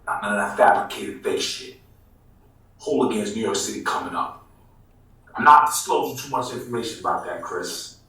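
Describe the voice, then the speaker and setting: A man telling a story in a casual interview, animated and swearing freely, calling people bro. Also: lowish voice, normal speed, pauses often. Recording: echoey room, mic far off.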